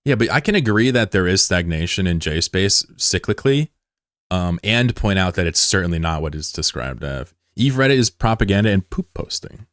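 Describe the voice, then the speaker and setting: A man's voice: deep voice, expressive, normal speed, fairly bright tone, no echo, studio quality. A man streaming a game, chatting casually with viewers in a joking, laid-back, profane way.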